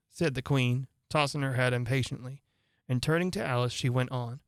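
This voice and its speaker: A man reading a classic storybook aloud as narrator, in a measured, expressive way. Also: mid-range voice, clean tone, dry recording, studio quality. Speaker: audiobook narrator.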